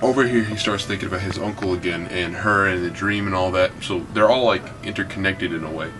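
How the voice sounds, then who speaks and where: A man's voice: sits low, fast, music in the background. A man casually chatting while reading manga aloud, breaking into raised voices for the characters. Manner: acts out characters' lines in a raised voice. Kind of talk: casual chat.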